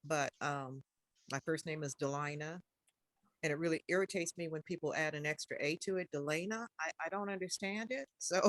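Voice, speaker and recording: A woman's voice: low voice, brisk. Emphatic older woman sharing a grievance. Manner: emphatic and expressive. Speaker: participant. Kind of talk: casual chat.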